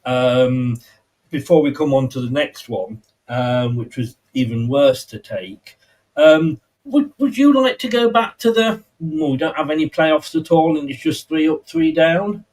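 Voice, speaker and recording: A chatty male host steers a casual football discussion on a fan panel, his voice fairly high for a man. He sits a little back from the microphone, so he sounds slightly distant. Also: measured pace, darkish tone. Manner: chatty, leads the discussion, laughs easily. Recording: voice a bit distant from the mic.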